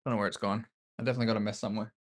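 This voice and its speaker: A low-pitched man with an Australian accent delivers rapid-fire, flat commentary during a chess live stream, mumbling through his reasoning and chatting with viewers between moves, casual and self-deprecating.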